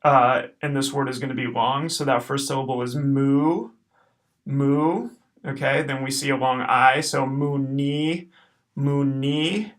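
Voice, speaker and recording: A man teaching Latin pronunciation in a recorded lesson, patiently saying each word slowly and then repeating it. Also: medium pitch, steady tone, a bit bright.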